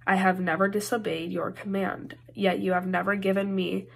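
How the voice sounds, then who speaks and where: During a worship service, a woman with an Upper Midwest American accent reads a scripture passage aloud in a flat, mid-range voice with vocal fry. She reads carefully at a moderate pace but often slips, stumbles, and restarts.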